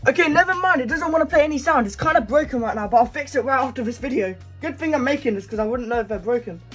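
A man's voice: very high-pitched, expressive, quick pace, fairly bright tone, slightly rough, faint music behind. A young man in his teens, chatting casually as he shows off his gaming setup at his desk. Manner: chatty, showing things off as he goes. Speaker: gaming YouTuber. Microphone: desk microphone.

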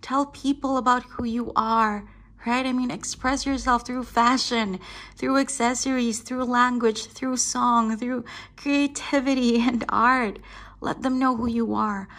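Reassuring woman tarot reader, higher voice. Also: steady tone, measured pace, fairly bright tone. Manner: affectionate, keeps saying darling and right; reassuring, laughs often. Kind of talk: tarot reading addressed to the viewer.

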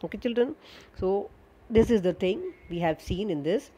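A woman's voice: medium pitch, expressive, moderate pace, warm tone, husky, muffled recording. Indian woman teacher explaining a story. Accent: Indian English. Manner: repeats lines, explains word meanings with frequent fillers. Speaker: school English teacher. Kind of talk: reading aloud and explaining a story lesson to children.

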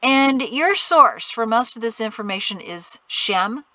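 A stubborn young man who argues back, loud and insistent, as a woman voices him in an audiobook. The voice sounds bright and the sound is dry and close. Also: fairly high pitch, animated, unhurried, no room sound, pitched above the performer's own voice, poor audio. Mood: defiant. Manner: raised, insistent, defiant. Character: stubborn headstrong young adult son.

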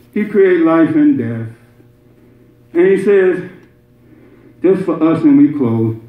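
A man giving a Friday sermon in a conversational way, with laughing asides and shouted emphasis. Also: fairly high pitch. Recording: echoey muffled room recording.

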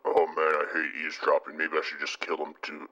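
A man playing a gruff, mumbling hunter villain in a comedy skit. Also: extremely low pitch, completely flat delivery, a little fast, bright, forceful tone, lo-fi sound. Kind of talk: comedy skit role-play.

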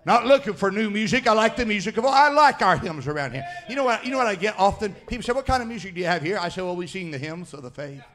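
A man preaching a sermon as pastor, fiery, swinging between shouted declarations and low, quiet asides. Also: lively intonation, quick pace, hardly any pauses.

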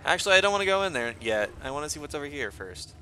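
A man commenting on his own gameplay, excitable and joking, swearing often and taunting the enemies. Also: on the high side, rapid-fire, slight background noise. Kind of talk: let's play commentary.

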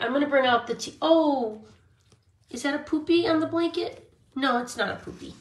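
High-voiced woman cooing baby talk at puppies, roomy echo, faint hiss behind. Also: normal speed. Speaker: dog rescue volunteer. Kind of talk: casual vlog filming puppies. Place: indoor room with dogs. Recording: echoey room, faint background noise.

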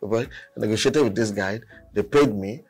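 A man, a guest artist, telling a story in casual chat, animated and laughing often as he acts out quotes. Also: lowish voice, normal speed, breathy edge, faint music behind. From Nigeria.

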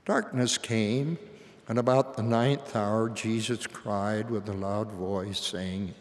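An older man gives a sermon with slow, solemn reverence and a fairly low voice. His words carry a long reverb from a large hall. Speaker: church leader.

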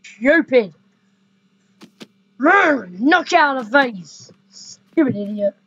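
A rude bratty little boy, as a woman puts him on in a homemade comedy skit, throwing flat, dismissive insults in a very high voice. He speaks slowly. The recording is dull, dry and lo-fi. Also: husky, exaggerated voice. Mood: sulky. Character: rude bratty young boy, a son who insults his mother.

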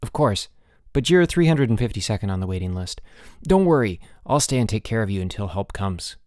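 A man's voice: on the low side, very animated, brisk, darkish tone, no room sound, studio quality. A man voicing a mischievous schoolboy who speaks with mock gravity, earnest and solemn.

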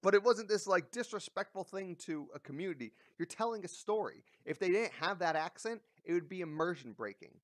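A man's voice: high-pitched, animated, fairly quick, hardly any pauses, no echo, studio quality. A man giving a casual, blunt ranting commentary, mocking and swearing freely as he talks. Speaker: commentary vlogger. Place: lives in a big coastal city.

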